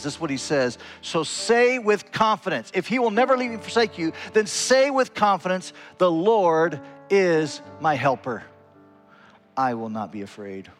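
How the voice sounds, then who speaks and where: A man preaching to his congregation, earnest and emphatic, swinging from lifted, urgent phrases to low, quiet ones. His voice sits a little on the high side. A guitar plays faintly behind him. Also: expressive, fairly quick. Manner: earnest preaching with wide swings in pitch and loudness. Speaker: pastor. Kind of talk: sermon.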